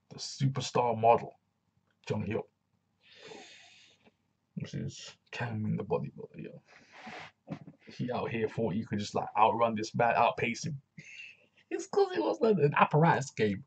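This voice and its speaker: Gravelly low-voiced man, casual chatter. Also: darkish tone. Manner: loose and chatty, laughs often, many fillers. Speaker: show reviewer. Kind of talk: casual reaction review. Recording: dull lo-fi recording.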